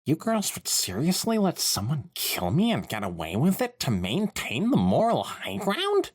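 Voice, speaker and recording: A man's voice: fairly high pitch, wildly swooping pitch, moderate pace, voice pushed up. A man voicing an incredulous teenage girl heroine in a fan fiction read-aloud, exasperated and questioning.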